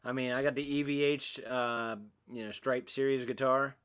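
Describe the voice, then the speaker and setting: A man's voice: mid-range voice, level tone, normal speed, a bit bright, clear, resonant tone. A middle-aged man hosting a casual livestream, rambling and self-mocking as he reads out and answers chat comments. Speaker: livestream host.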